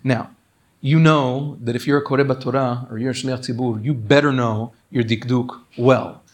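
A Torah teacher running a religious law class reads quoted texts in quick bursts, then slows down to explain them earnestly, often urging listeners to pay attention. His mid-range voice keeps a steady tone.

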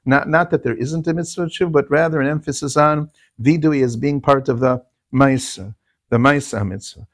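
A man's voice: a little high, vocal fry, no room sound, studio quality. A man teaching a Talmudic lecture, repeating key terms and asking rhetorical questions. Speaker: Torah teacher.

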